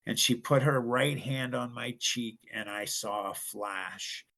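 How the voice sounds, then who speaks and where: Gravelly middle-aged man, earnest. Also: mid-range voice, slow, bright, forceful tone. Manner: earnest, emphatic. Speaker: guest. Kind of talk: personal storytelling.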